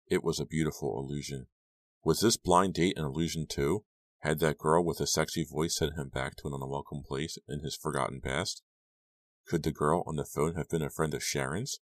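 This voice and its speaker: A male audiobook narrator with an extremely deep voice who tells the story in a measured, brooding way. The recording is dry and close, with no room sound. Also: no room sound. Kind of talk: scripted narration.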